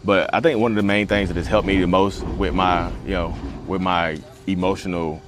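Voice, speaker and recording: A man's voice: sits low, steady tone, moderate pace, background noise. A man talking casually to camera outdoors at a beach, rambling and conversational with lots of fillers. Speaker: vlogger.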